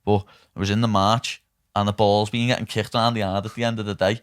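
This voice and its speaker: A man's voice: fairly low pitch, level tone, quick pace, clean tone, no echo, studio quality. A young man, hosting a podcast and chatting casually, swearing and saying "lad" all the time. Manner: swears often, says "lad" constantly. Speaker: podcast host. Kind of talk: casual chat. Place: podcast studio.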